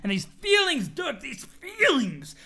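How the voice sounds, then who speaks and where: A man's voice: high-pitched, animated, normal speed, sharp tone. A man voicing a pushy young man obsessed with showing off his muscles, bellowing orders and biting off his own curse words. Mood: giddy.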